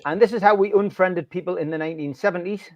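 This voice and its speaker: A man's voice: sits high, quick pace, no echo. A man hosting a fan podcast, chatty and cheeky as he reads out jokes. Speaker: podcast host. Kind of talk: casual chat reading out jokes.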